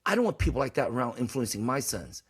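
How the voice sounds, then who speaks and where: A man's voice: mid-range voice, very animated, fast, slightly rough. A man hosting a podcast in casual talk, blunt and emphatic, preaching his points and swearing freely. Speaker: podcast host.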